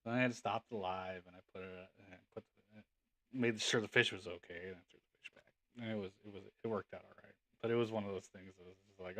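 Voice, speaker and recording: A man's voice: deep voice, fairly even intonation, quick pace, bright, forceful tone. A man hosting a livestream, rambling casually with lots of fillers and laughter as he tells stories. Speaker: livestream host.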